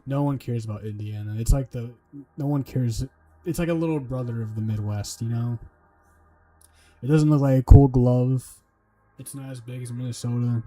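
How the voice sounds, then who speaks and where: At a moderate pace, a man with a dark, medium-pitched voice and fairly even intonation chats to himself while studying on a livestream. There's faint music behind him, and he swears and jokes around with made-up mnemonics.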